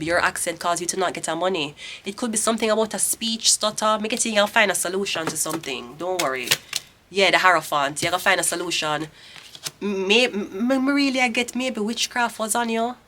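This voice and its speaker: A woman's voice: mid-range voice, fairly quick, pushed and bright. A woman in her thirties with a Jamaican accent giving a casual tarot reading, ranting bluntly and swearing freely. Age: 30s. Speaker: tarot reader.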